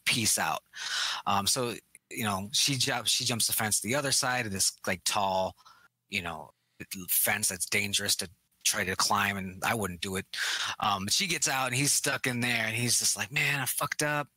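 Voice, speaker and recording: Bright-voiced man retelling a movie. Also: lowish voice, normal speed, no echo. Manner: animated retelling, acts out characters' lines, swears freely. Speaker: podcast co-host. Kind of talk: casual movie review chat.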